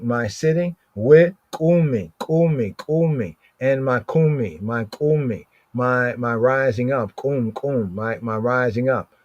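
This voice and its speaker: Guy going through scripture real slow, says every word like five times, dull lo-fi dry sound. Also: medium pitch, darkish tone, no room sound. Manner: repeats words over and over, asks "right?" constantly. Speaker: Bible study teacher. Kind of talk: livestreamed scripture study. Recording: dull lo-fi stream audio.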